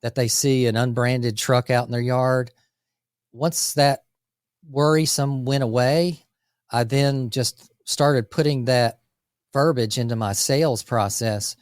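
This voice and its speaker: A man co-hosting a casual business podcast, talking energetically through lists with quick asides about running a landscape company. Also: medium pitch, steady tone, smooth, no room sound, studio quality.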